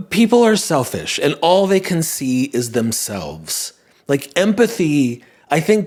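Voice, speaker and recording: An earnest young man talks through a listener's message in a relaxed, reflective podcast monologue. His voice sits in a middle pitch but swings widely, jumping up when he wants to stress a point. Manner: earnest, musing, with sudden emphatic rises.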